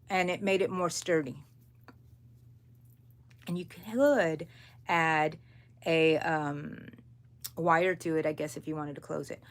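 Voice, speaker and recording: A middle-aged woman runs a live crochet session, her speech slow and unhurried. She chats warmly with viewers in between, then drops to a quiet murmur to count each stitch out loud. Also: fairly low pitch. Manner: chatty, counts stitches aloud softly. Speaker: crochet channel host. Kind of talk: live crochet stream chat.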